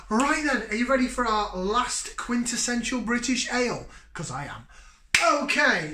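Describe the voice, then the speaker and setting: Male vlog host, fairly high voice, chatty and rambling, echoey room. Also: bright, forceful tone. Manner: chatty and rambling with many fillers. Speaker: beer review host. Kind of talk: casual beer review chat.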